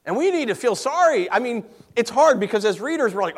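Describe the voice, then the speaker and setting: A man with a somewhat high voice delivers a sermon built around his own story. He talks with real emotion, dropping to near hushes and then rising again. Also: sing-song, quick pace, hardly any pauses. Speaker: preacher.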